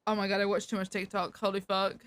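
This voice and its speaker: A woman's voice: mid-range voice, monotone, fast talker, a bit bright, clear, resonant tone. A woman livestreamer chatting casually with her viewers, emphatic, swearing freely and laughing often. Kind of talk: casual chat to stream viewers.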